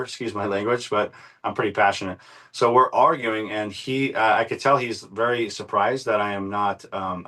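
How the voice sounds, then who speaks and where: Profane, passionate man telling a story. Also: on the low side. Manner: profane, passionate, animated retelling with frequent fillers. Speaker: interview guest, author. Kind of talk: casual storytelling.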